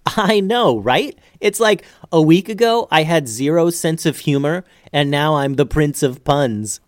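A man's voice: fairly high pitch, lively intonation, measured pace, dry recording, clean studio sound, pitched above the performer's own voice. A man voicing a cheerful young ninja in a storybook who loves telling puns. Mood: joking. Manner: upbeat, joking.

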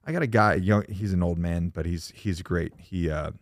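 A man talking quickly and emphatically in a casual podcast conversation, with lots of "like" and "bro". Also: low voice, dry recording, studio quality.

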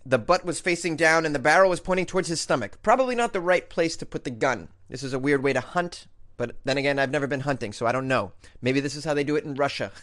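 A man's voice: fairly high pitch, fast talker, fairly bright tone. A man hosting a casual comedic news show, reading odd stories aloud and riffing on them with mock outrage. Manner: jokey, reads stories then riffs with mock outrage. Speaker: podcast news host.

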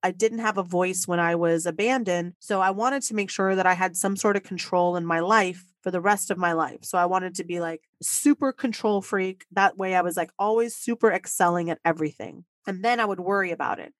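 A woman recounts her own story on a podcast with lively emotion. The sound is dry and close, with no room around her voice. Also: fairly low pitch, a little fast, hardly any pauses, no echo. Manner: animated, emotional storytelling with laughs. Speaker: podcast guest. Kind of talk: personal storytelling.

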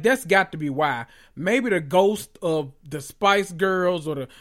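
A podcast host giving a sassy, animated recap of a reality show, full of joking asides and cursing. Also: mid-range voice.

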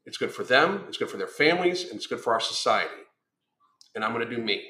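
A man's voice: medium pitch, sing-song, quick pace, bright, forceful tone, reverberant. A man who is a weight-loss coach, delivering a blunt, combative monologue full of swearing. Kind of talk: profane ranting monologue.

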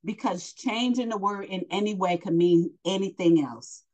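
A woman's voice: medium pitch, moderate pace, a little mellow, poor audio. Blunt woman from New York teaching scripture. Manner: reads scripture then retells it in blunt everyday slang; asks questions to the listener and answers them herself. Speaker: Bible teacher. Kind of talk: verse-by-verse Bible lesson.

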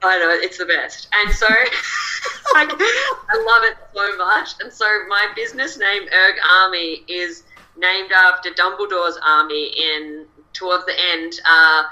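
A woman's voice: fairly low pitch, a little slow, bright, forceful tone, low-quality recording. A chatty Australian woman, a coach, talking as a guest over a video call and laughing often. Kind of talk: casual interview chat.

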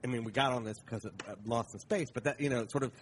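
A man's voice: mid-range voice, steady tone, rapid-fire. Reflective man, host, faint background noise. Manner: reflective, frequent agreeing backchannels. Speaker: podcast host. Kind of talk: casual interview conversation.

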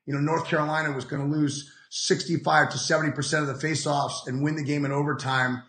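A man's voice: on the high side, flat delivery, fast talker, fairly bright tone. Opinionated man in an echoey room. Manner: emphatic opinions, repeats phrases. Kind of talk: casual sports podcast chat.

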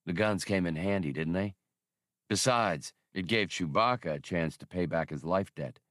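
A man voicing an old man in an audiobook, calm and gently amused. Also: deep voice, normal speed, no room sound, studio quality.

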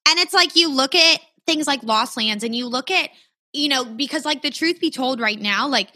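High bright woman ranting casually. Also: expressive, no echo, clean studio sound. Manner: ranting, swears freely, fast asides. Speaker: podcast host. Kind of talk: casual podcast chat.

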